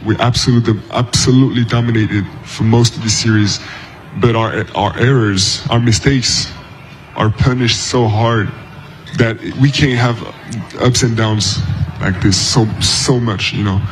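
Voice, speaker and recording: A man with a low voice answers at a press conference, halting and searching for his words. A faint hiss of room noise sits under the clip. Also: fairly even intonation.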